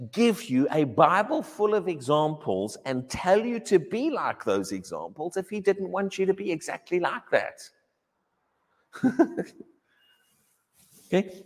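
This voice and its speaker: A male pastor preaching with a high, lively voice that swings up and down as he acts out the voices he quotes. His words ring with a long reverb from the church hall. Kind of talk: sermon.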